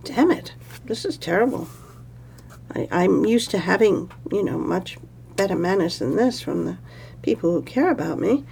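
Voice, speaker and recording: A woman's voice: lowish voice, expressive, moderate pace, vocal fry, darkish tone, husky, exaggerated voice. A woman voicing an indignant young bride in a told story, raising her voice in exasperation. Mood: exasperated.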